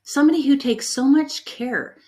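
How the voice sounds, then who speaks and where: A middle-aged woman giving a conference talk on leadership, an animated storyteller who is candid and emotional about her past. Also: sits high, normal speed. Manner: animated storyteller, acts out quoted people in her anecdotes. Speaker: conference breakout speaker on leadership.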